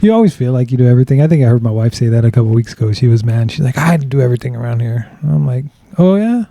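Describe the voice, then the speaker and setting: A man's voice: mid-range voice, rapid-fire, creaky, dark tone, no echo. A man in his fifties co-hosting a podcast, chatting casually with dry, self-mocking humor. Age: 50s. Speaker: podcast co-host. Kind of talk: casual chat.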